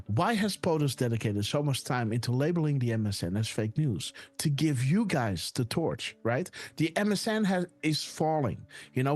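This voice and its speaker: A man hosting a casual live stream, talking excitedly and tossing "right?" and "guys" into nearly every sentence. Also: medium pitch. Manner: excited whoops and laughs. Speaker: host. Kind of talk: casual livestream commentary.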